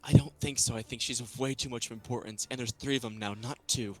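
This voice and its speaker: A man's voice: medium pitch, steady tone, brisk, darkish tone. A man playing a tabletop game, chatting casually and earnestly arguing the rules. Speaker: player.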